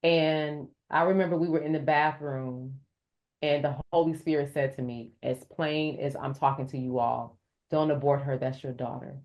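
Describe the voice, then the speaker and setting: A woman who is a podcast guest, telling her story in an animated way and raising her voice to act out what others said. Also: low voice, moderate pace. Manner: addresses listeners as "y'all". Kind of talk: storytelling in an interview.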